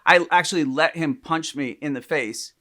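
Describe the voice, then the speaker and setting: Man, high voice, bright tone, animated storyteller, casual podcast chat. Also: moderate pace. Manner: animated storyteller, acts out quotes loudly. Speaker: podcast co-host.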